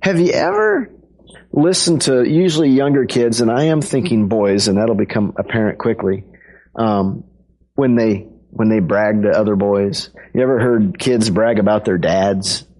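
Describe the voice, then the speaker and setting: A man's voice: on the low side, moderate pace, darkish tone. A man preaching a sermon to a congregation in a conversational, playful way, acting out quotes with his voice. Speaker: pastor.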